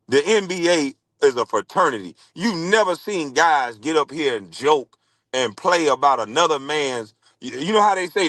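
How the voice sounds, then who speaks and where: A former pro basketball player in a heated, scornful rant, repeating taunts at a rival. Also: male voice, medium pitch, fairly bright tone, no echo, rough recording. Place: podcast studio.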